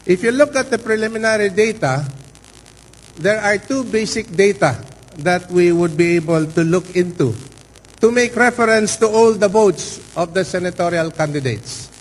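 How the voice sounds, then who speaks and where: A man giving a formal statement as a party representative at an election canvass hearing, deliberate and stressing key words. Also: sits high, big-room sound, low-quality recording.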